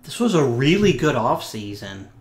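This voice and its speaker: A man's voice: medium pitch, very animated, moderate pace, darkish tone, reverberant. A man hosting a casual let's play, giving wry commentary with muttered asides to himself.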